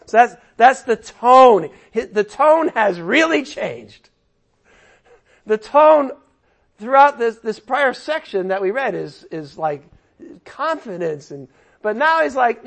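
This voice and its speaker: A man preaching a verse-by-verse sermon in a high, gravelly voice. He talks to his listeners conversationally and leans hard into emphatic, emotional passages. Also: very animated, takes it slowly. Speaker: pastor. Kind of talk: expository sermon.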